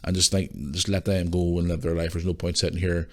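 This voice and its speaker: Low-pitched and brisk, with little pitch movement, the voice belongs to a middle-aged man from Northern Ireland hosting a solo podcast. He sounds tired and yawns, ranting bluntly and swearing freely in casual chat.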